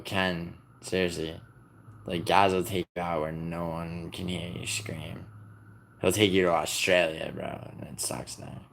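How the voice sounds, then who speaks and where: A man's voice: low voice, creaky, a bit bright, slight background noise. A young man from the United States hosting a casual livestream, rambling and teasing his viewers as he reads comments aloud. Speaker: livestream host.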